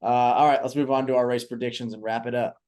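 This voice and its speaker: A man hosting a casual podcast segment, upbeat and playful, and quick to poke fun at himself. His voice has an average pitch for a man and a relaxed, chatty delivery. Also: clear, resonant tone. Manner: upbeat, playful, self-mocking. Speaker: podcast co-host.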